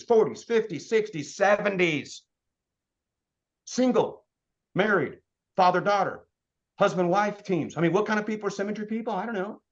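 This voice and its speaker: A man in his fifties giving an energetic motivational business presentation as a sales trainer, firing off rhetorical questions. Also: high-pitched, highs cut off. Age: 50s.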